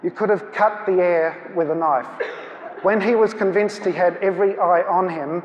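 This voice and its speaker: A man's voice: high voice, fairly even intonation, moderate pace. A man giving an anecdotal talk as guest speaker at a church seminar, acting out the dialogue as he tells it. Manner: storytelling, acts out dialogue. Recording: echoey hall.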